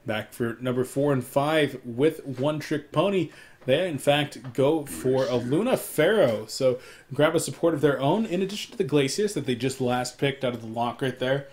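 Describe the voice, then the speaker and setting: Young guy doing esports play-by-play, has the hiccups, gets loud and excited in fights, headset mic. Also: moderate pace. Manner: excitable, rises sharply in loudness and pitch during fights; apologetic asides to viewers. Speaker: esports caster. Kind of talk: solo live game commentary.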